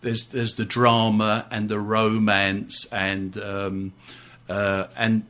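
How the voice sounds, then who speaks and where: A man's voice: on the low side, completely flat delivery, slow pace, fairly bright tone. A man on a radio show talking about his amateur theatre group, chatty, with frequent restarts. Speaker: guest, amateur operatic society member. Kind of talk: casual radio interview. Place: radio studio.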